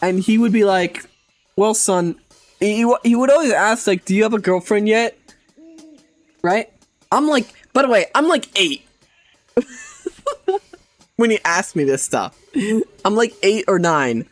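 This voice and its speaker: A man's voice: high voice, very animated, a little slow, long pauses, faint music behind. A man live-streaming who chats casually with his audience, making crude jokes, laughing often and rambling.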